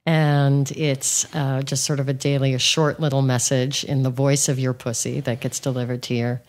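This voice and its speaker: A woman's voice: very deep voice, little pitch movement, moderate pace, a little mellow. A woman guest and coach on a podcast, talking frankly and with animation, with many fillers. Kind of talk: casual conversation.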